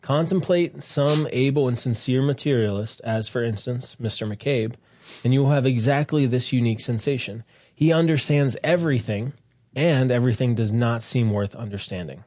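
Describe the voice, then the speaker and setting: A man's voice: mid-range voice, normal speed, darkish tone, dry recording. A man co-hosting a casual chat, easygoing, giving brief agreeing replies and reading a passage aloud.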